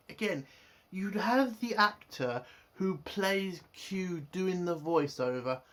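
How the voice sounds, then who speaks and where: A man's voice: fairly high pitch, fairly bright tone. A man giving a casual episode review, frustrated and swearing, building into exasperated outbursts. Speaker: show reviewer.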